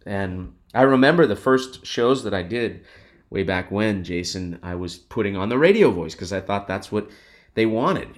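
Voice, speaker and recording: A middle-aged man speaks as an interview guest, his voice sitting low and deep. He talks in an earnest, reflective manner, sounding grateful as he looks back. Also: expressive, normal speed. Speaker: guest musician and radio host. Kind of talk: conversational interview.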